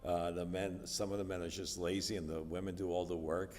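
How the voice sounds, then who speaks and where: The recording is very noisy and distant, capturing a reverberant church hall where a middle-aged American guest speaker gives his testimony. His low-pitched voice stays level and fairly quick, and he tells his story casually with many fillers.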